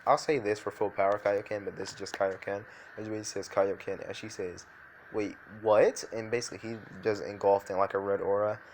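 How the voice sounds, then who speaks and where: A man's voice: on the low side, little pitch movement, brisk, few pauses, slight background noise. A man improvising a fan fiction story, rambling loosely with many fillers and restarts.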